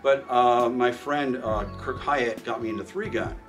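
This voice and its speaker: A man's voice: medium pitch, unhurried, fairly bright tone, distant mic, faint music behind. Rambling man telling range stories, swearing freely. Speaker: shooting range owner and firearms trainer. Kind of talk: casual storytelling in an interview.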